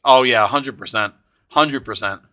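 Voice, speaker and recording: A man with a bright, ringing voice hosts a live stream, chatting casually to viewers by name. His talk is loose and excitable, with frequent swearing. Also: mid-range voice, measured pace. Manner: excitable, swears and shouts in bursts; talks to chat viewers by name. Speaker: streamer opening card packs.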